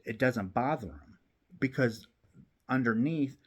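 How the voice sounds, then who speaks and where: A man's voice: mid-range voice, expressive, a little slow, breathy edge. A man hosting a knitting channel, chatting casually from home while he knits, rambling with many restarts.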